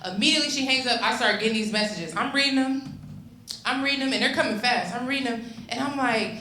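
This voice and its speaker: A young woman works a comedy club stage in a loose, swearing, chatty stand-up voice full of ums and restarts. Her tone is bright and forward, and the club room rings around the handheld mic. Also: on the high side, fast, roomy sound, a little hiss or hum, rough recording. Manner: loose, profane and conversational, lots of ums and restarts.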